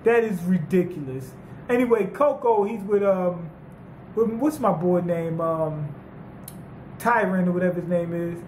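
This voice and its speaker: A man giving a casual, profane manga chapter review, rambling and excitable with lots of fillers. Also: sits high, measured pace, echoey room, slight background noise, rough recording.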